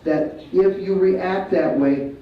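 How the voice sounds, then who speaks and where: A male martial arts instructor leading a school assembly, giving loud commands and calling for the kids to repeat after him. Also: high voice, slow, a little hiss or hum. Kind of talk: school assembly talk with call-and-response. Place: large school hall or gym. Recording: echoey hall, distant, dull sound, faint crowd.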